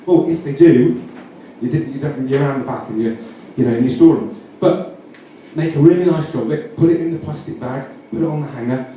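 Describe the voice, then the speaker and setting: A man's voice: mid-range voice, brisk, dark tone. A man with a Yorkshire accent giving mock-earnest, rambling comic instructions, often correcting himself mid-sentence. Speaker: comedian. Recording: roomy echo, distant mic, faint noise.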